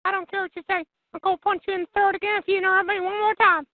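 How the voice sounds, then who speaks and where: A performer voicing a shrill, boastful young left-wing brawler who keeps interrupting with a very high-pitched voice. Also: level tone, dry recording. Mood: shouting, boastful. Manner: interrupts with rapid repeated shouted "no" and "shut up". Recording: tinny phone-line call.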